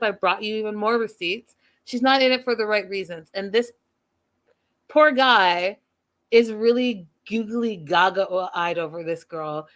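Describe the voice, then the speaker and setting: A woman's voice: mid-range voice, fairly bright tone. A woman hosting a TV recap show, chatting casually to her viewers in a gossipy, playfully dramatic way.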